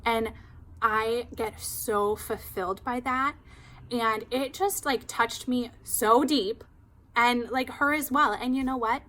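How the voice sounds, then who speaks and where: Woman hairstylist, higher voice, chatty and animated, casual storytelling. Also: takes it slowly. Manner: chatty, animated, heavy use of "like".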